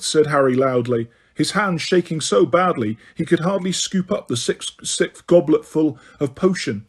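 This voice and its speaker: Male narrator, husky, slightly high voice, steady storytelling. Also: a little slow, hardly any pauses. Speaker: audiobook narrator. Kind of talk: audiobook narration.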